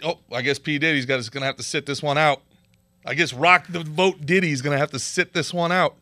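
A man's voice: a little high, steady tone, fairly quick, no echo. Sarcastic ranting podcast host man. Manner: sarcastic, swings from loud to muttered. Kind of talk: ranting political commentary.

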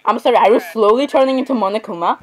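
A woman's voice: fairly high pitch, a little fast, darkish tone, poor audio. A woman giving casual let's-play commentary on a horror game. She is chatty, giggles often, apologizes a lot and talks to the game characters. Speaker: gamer playing a horror game.

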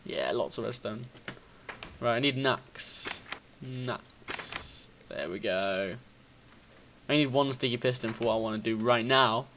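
A man giving casual gameplay commentary, excitable, thinking out loud, swearing and bursting into high squeals. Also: unhurried, noisy background. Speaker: gaming video host.

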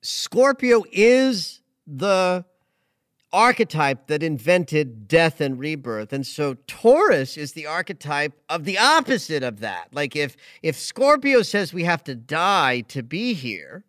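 A man hosting a casual astrology chat, emotional and animated, often restarting his sentences. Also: fairly high pitch, slow, no echo, clean studio sound. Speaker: astrologer host.

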